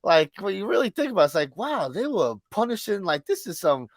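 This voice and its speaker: Lively, laughing podcast co-host man. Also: high-pitched, no echo, studio quality. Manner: laughing, agreeable, quick interjections. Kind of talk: casual chat.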